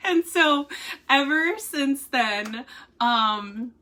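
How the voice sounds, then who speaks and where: A woman with a high, bright, forceful voice vlogs family updates to her viewers. She rambles casually, full of fillers and restarts, and laughs as she tells a story.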